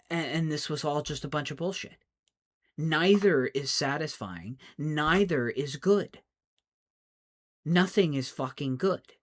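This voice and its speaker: A man, a streamer, in an exasperated, profane rant, often stammering and restarting his words. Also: medium pitch. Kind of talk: angry rant.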